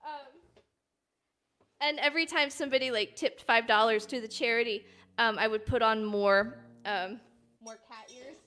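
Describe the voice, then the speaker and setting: A woman's voice: on the high side, normal speed, sharp tone. A woman chatting casually at her home desk during a live stream, rambling with lots of ums and little laughs. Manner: rambling and giggly, many ums. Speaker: filk singer and streamer. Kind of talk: chatty live-stream banter between songs.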